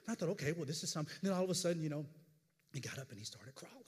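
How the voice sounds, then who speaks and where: A middle-aged male pastor preaching a sermon, telling stories with stammered repeats that run on into the next phrase. His voice sits high for a man. The sound rings with a long reverb, as if caught in a church hall. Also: very fast, breathy edge. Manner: animated storytelling with stammered repeats.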